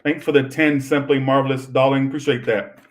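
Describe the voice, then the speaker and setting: A man's voice: mid-range voice, little pitch movement, a little fast, rough recording. Young male tarot reader on a live stream: chatty and rambling, swears freely, ordinary mid-range voice.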